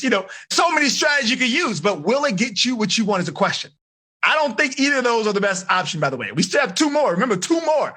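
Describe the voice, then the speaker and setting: A man running a live seminar for teenagers, energetic and asking the audience questions. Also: very high-pitched, fast. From United States. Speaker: teen life coach.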